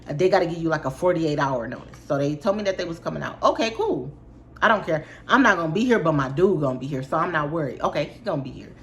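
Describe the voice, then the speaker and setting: A young woman vlogging, telling a personal story in a casual, indignant, run-on way. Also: on the low side. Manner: animated, indignant, talks in run-on bursts with fillers.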